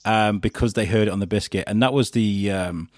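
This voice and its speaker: A man's voice: lowish voice, fairly quick, no echo, studio quality. A man from England, a podcast host being interviewed, telling stories casually with many fillers and acted-out quotes. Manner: chatty storyteller, acts out quotes, many fillers and restarts.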